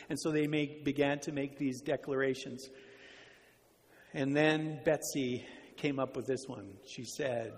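A man preaching a sermon, telling a story earnestly and slowing down on key words. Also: medium pitch, steady tone, in a large hall. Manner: earnest, slows down for emphasis.

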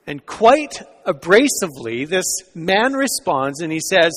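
A man preaching a sermon in a church, telling a story and often dropping into soft, hushed lines. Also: on the high side, very animated, measured pace, few pauses. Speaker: pastor. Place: church sanctuary. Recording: long reverb of a church hall.

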